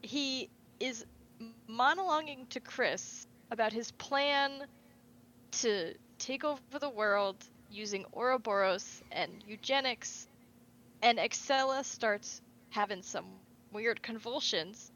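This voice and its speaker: A woman co-hosting a casual fan podcast, retelling game scenes in an animated way and quoting the characters. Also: a little high, slow, highs cut off. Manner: animated storytelling, quotes characters in asides. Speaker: podcast co-host.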